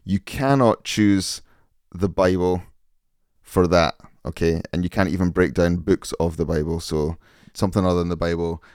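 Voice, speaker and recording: Low-voiced Scottish man hosting. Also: a little mellow, smooth, no room sound, studio quality. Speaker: podcast host. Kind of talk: scripted intro then casual interview.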